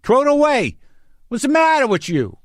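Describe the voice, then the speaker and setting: A man putting on a Queens, New York accent to voice a gruff, exasperated man barking at him to throw something away. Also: very high-pitched, wildly swooping pitch, moderate pace, no echo, clean studio sound, voice pushed up, exaggerated voice. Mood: scolding.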